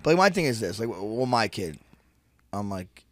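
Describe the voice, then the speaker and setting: A man making his point in casual podcast talk, emphatic and a bit sweary. His pitch swings widely, and the dry, close mic leaves no room sound. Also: sing-song, moderate pace, fairly bright tone, no echo. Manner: conversational, profane, emphatic. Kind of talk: casual chat.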